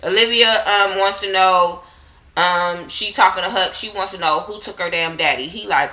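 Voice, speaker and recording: A woman's voice: medium pitch, moderate pace, bright, forceful tone, rough recording. A woman casually recapping a TV drama episode with slang and profanity, acting out the characters' lines in quotes. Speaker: TV show reviewer.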